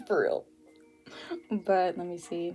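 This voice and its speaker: A young woman chats casually while drawing during her art livestream, using plenty of fillers and laughing often. Her voice is fairly low-pitched and dark in tone, and she speaks slowly. Faint music sits in the background.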